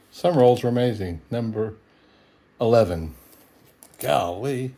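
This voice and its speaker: A man's voice: lowish voice, a little slow, dark tone. A middle-aged man, chatting casually and chuckling as he sorts coins on camera. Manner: chuckling, easygoing, folksy, thinks aloud. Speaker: coin roll hunter. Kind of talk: casual solo video commentary.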